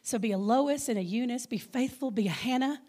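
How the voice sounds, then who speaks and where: A woman in her fifties with a Texas accent gives a Mother's Day sermon as a guest speaker. Her voice sits a little high, and her delivery is lively and playful. She keeps calling out questions to the congregation. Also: a little fast. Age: 50s. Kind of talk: Mother's Day sermon with audience call-and-response.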